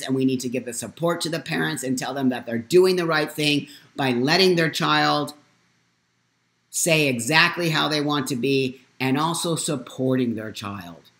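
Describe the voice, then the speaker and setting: A man in his fifties hosting a live stream, talking in an emotional, emphatic way, at times near tears, swinging from loud to hushed. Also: mid-range voice, reverberant. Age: 50s. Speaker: host.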